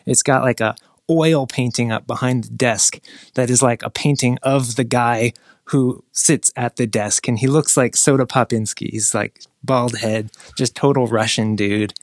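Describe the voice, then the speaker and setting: A man's voice: medium pitch, fairly even intonation, measured pace, no echo, clean studio sound. A man telling a long, rambling anecdote in a casual chat, restarting sentences often. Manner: rambling storyteller with many restarts, mimics people in quotes. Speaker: guest telling a travel story.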